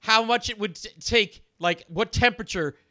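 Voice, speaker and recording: A man's voice: high-pitched, normal speed, sharp tone. A man co-hosting a podcast, chatting casually about a sitcom episode. He stammers, repeats words and laughs often. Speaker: podcast co-host.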